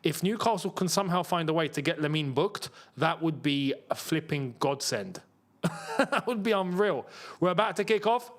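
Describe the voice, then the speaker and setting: High-voiced excitable football watchalong host. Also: male voice, normal speed. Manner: excitable, chatty, jumps to a high pitch when chances come. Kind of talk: live match watchalong commentary.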